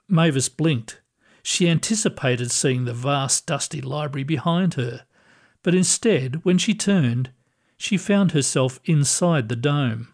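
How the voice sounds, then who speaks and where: Slow, calm male storyteller. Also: on the high side, breathy edge. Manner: calm, measured, gentle. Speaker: narrator. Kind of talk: scripted story narration.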